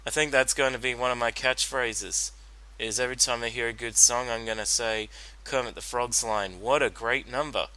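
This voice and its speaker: A man's voice: medium pitch, steady tone, moderate pace, few pauses, sharp tone, clear, resonant tone, rough recording. A man giving a solo commentary on a cartoon episode, rambling with many fillers and restarts. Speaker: reaction commentator.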